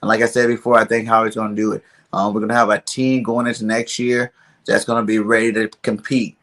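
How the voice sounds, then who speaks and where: A man's voice: fairly low pitch, flat delivery, fast talker, a bit bright. A man co-hosting a casual sports podcast, firm and matter-of-fact. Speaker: podcast co-host.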